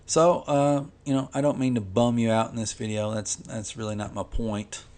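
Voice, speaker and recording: A man's voice: medium pitch, fairly even intonation, normal speed, a little mellow. A man who makes comics, talking casually and rambling while he colors, with lots of "you know" and restarts. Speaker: comic artist vlogger.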